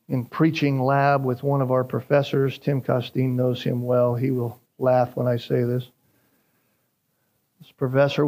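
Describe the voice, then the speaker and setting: A man preaching a sermon, emphatic and rising in pitch on key phrases. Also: darkish tone. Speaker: pastor.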